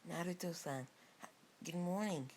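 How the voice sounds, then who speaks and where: A man voicing a lovestruck, jealous young woman ninja in a high, pleading tone. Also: moderate pace, a little mellow, slight background noise, natural voice.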